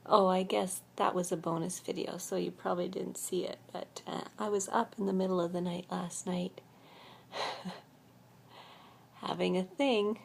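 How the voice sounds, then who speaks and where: An older woman telling her life story in a soft, half-whispered voice, a little weary, in a quiet room at a retreat center. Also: on the low side, steady tone, measured pace, gravelly, a little hiss or hum. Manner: speaking softly, half-whispering to keep quiet. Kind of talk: personal storytelling vlog.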